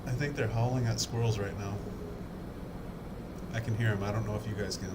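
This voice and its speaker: A man's voice: on the low side, steady tone, fairly quick, very noisy. A man with a North Dakota accent hosting a casual morning live stream from home, rambling and chatty while he builds a model. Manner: rambling, chatty, self-deprecating. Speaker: livestream host building a model kit. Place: home, indoors.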